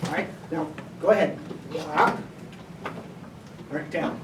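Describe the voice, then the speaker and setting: A woman's voice: low voice, takes it slowly. Woman teacher giving step-by-step classroom instructions. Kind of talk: classroom behavior lesson. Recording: echoey room, distant mic, background noise.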